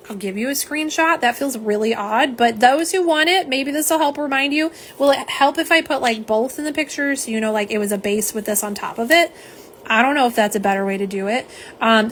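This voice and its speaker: A woman with a slightly high, fairly bright voice is heard with a little hiss or hum. She hosts a nail polish stream live, keeping the talk chatty and casual, calling viewers "y'all," and answering the chat comments she reads aloud.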